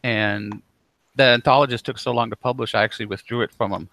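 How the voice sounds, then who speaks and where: Man, gravelly, guest author, rambling chat, dry close sound. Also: mid-range voice, fairly even intonation, fairly quick, fairly bright tone, no room sound. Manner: rambling, with many fillers. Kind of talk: casual panel chat.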